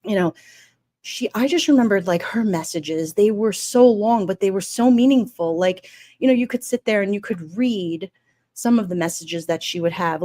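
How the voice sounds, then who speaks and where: Emotional woman streamer, low-pitched. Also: a little mellow. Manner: heartfelt, rambling, reads chat comments aloud. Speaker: livestream host. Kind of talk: casual livestream memorial talk.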